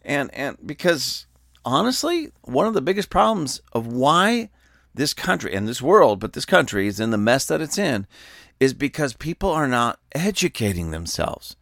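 A man's voice: mid-range voice, big pitch swings, moderate pace, vocal fry, a bit bright, dry recording, studio quality. A man hosting a political commentary podcast who preaches emphatically and tells stories to drive his points home. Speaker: podcast host.

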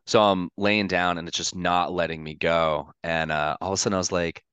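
A low-pitched man talks through a personal story in easy podcast chat, his voice smooth and resonant. He rambles with constant "like" fillers and speaks candidly, swearing now and then. The sound is close and dry. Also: fairly even intonation, brisk, hardly any pauses, fairly bright tone, no echo, highs cut off. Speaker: podcast guest.

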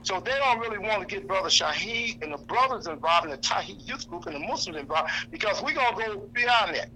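A man's voice: high-pitched, expressive, fairly quick, pushed and bright, slight background noise, rough recording. A man giving an impassioned, blunt speech to a lunch audience, preaching, quoting scripture and repeating himself for emphasis. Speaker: activist speaker. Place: indoor lunch gathering.

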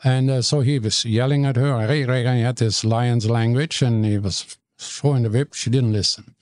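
An older man, a guest telling stories in an animated way, often stumbling and repeating words. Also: mid-range voice, normal speed, no room sound, clean studio sound. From Germany. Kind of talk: storytelling in conversation.

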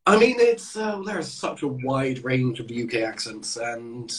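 A man's voice: mid-range voice, unhurried, a bit bright, low-quality recording. A man hosting a podcast, chatting casually and asking his guest questions. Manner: chatty, asks interview questions. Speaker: podcast host.

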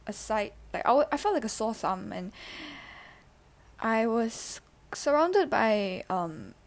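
A teenage girl from Singapore, hosting a personal podcast. She talks in a halting, emotional way, with many fillers and restarts, into a handheld mic. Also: a little high, sing-song. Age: teens. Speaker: podcast host.

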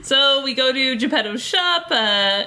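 A woman's voice: high-pitched, expressive, unhurried, crowd noise. A young woman co-hosting a podcast, chatting casually about a movie with lots of fillers and laughs. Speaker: podcast co-host.

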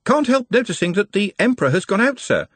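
A man's voice: sits high, big pitch swings, a little fast, breathy edge, dry recording, voice pushed up, full character voice. A man voicing a young, eager, politely deferential servant boy in an audiobook. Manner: earnest, cheerfully deferential. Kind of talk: audiobook character voice.

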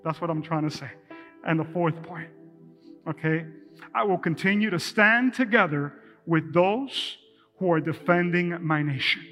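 A male pastor preaching to a live congregation in a church, his voice pitched high and ringing bright. He speaks with energy and turns often to address the people in front of him. Soft music plays faintly behind him. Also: measured pace. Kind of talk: live sermon.

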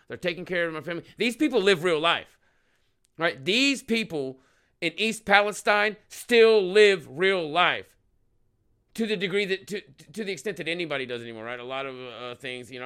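Profane, rambling man with a bright voice. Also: on the high side, smooth. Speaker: podcast host. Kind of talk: casual commentary.

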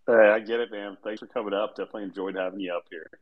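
A man's voice: lowish voice, fairly even intonation, rapid-fire, lo-fi sound. A man hosting a casual online group chat, rambling and laughing often as he tells stories. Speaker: host of a live audio chat room.

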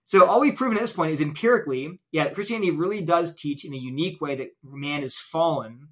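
A man's voice: on the high side, quick pace. A man as an interview guest, earnestly explaining an argument step by step with illustrations. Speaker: guest apologist.

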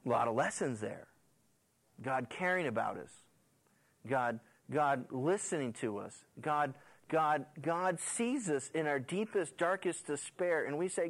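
Animated man preaching a sermon. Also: fairly high pitch, measured pace, low-quality recording. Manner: animated storyteller who acts out the characters' lines. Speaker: pastor. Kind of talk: sermon, retelling scripture.

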